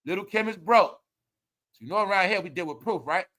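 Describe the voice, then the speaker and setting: Man host, high bright voice, heated swearing gossip rant that keeps repeating its points. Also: a little fast. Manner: heated, swearing, repetitive and preachy. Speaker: commentary channel host. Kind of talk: ranting celebrity gossip commentary.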